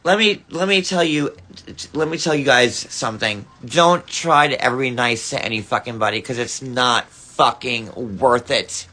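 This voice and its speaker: A man's voice: medium pitch, normal speed, pushed and bright. An angry man ranting on a phone livestream, swearing heavily and stammering through restarts. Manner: furious, profane, stammering restarts.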